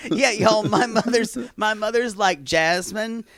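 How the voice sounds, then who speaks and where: A man co-hosting a podcast in casual comedic chat, animated and quick to laugh, slipping into mocking impressions. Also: sits high, no room sound, clean studio sound. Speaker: podcast co-host.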